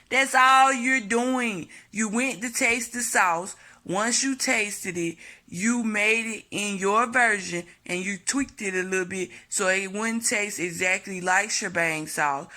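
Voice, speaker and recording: A woman's voice: mid-range voice, takes it slowly, bright, forceful tone. A woman vlogging a blunt, profane opinion monologue to camera, hammering her points home by repeating them.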